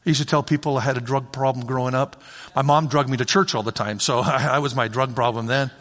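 A man preaching a sermon, acting out God's voice and swinging between shouts and hushed pleading. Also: medium pitch, fairly even intonation, fast talker, in a large hall. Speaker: pastor.

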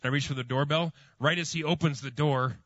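A man's voice: fairly high pitch, steady tone, brisk, fairly bright tone, no room sound, muffled recording. A man preaching a sermon as pastor, telling a story with many fillers and restarts.

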